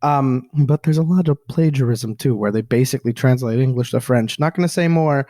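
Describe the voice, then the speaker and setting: A man from Quebec, a comedian guest on a podcast, chatting in an animated, self-deprecating way. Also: mid-range voice, a little fast, no room sound, studio quality. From Quebec, Canada. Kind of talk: casual chat.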